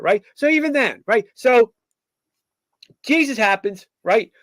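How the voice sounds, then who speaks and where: A man's voice: extremely high pitch, animated, a little slow, fairly bright tone, dry recording. A man giving an opinionated political monologue as host, rambling with many fillers and restarts. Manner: acts out quoted figures in mock voices. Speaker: podcast host.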